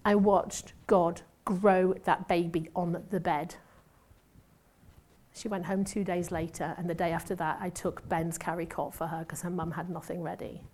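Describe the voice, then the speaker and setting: A woman's voice: lowish voice, little pitch movement, moderate pace, a little mellow. A woman, a former nurse sharing a testimony sermon in a chatty, self-mocking way with asides. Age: 50s. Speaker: church speaker and former nurse.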